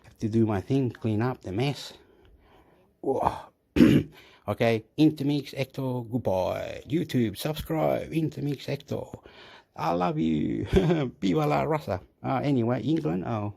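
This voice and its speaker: Man, gravelly, dark-toned, rambling excitable vlog rant, phone mic. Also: mid-range voice, slow. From Chile. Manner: rambling, excitable, swears and laughs often. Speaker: vlogger.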